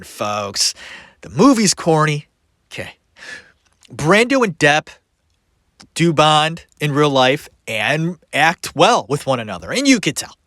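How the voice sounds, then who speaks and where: A man hosting a solo podcast, talking about actors in an animated, sarcastic way with frequent laughter. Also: a little high, dry recording, clean studio sound. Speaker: podcast host.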